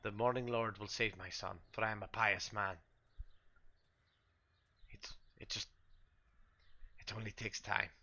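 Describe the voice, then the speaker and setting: A man's voice: on the low side, steady tone, a little slow, long pauses, pushed and bright, lo-fi sound, exaggerated voice. A man voicing a devout village priest and grieving father who speaks in a solemn, pleading way that turns fervent.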